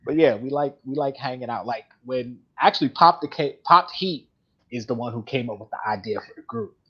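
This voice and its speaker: A chatty man hosting a casual live stream, rambling along and laughing easily. His voice is husky and a little breathy, and the audio is dull and lo-fi. He sits in a middle pitch for a man. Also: fairly quick. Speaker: host of a live collectibles show.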